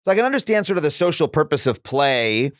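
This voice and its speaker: A man's voice: fairly high pitch, big pitch swings, fast, no room sound, studio quality. A playful man hosting a podcast interview, laughing easily and chatting casually. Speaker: podcast host.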